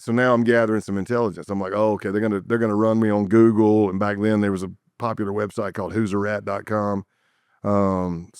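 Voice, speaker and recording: A man with a lowish, smooth, resonant voice recounts his undercover days as a podcast guest. He builds his story vividly, acting out sounds and repeating himself. The sound is close and dry, with no room in it. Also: dry recording. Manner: vivid, animated storytelling with sound effects and repetitions. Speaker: interview guest, former undercover agent.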